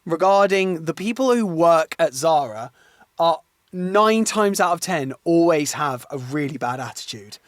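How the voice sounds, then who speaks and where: A man's voice: fairly high pitch, expressive, unhurried, no echo. Chatty man, close dry mic. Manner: chatty, swears casually. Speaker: podcast co-host. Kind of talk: casual chat.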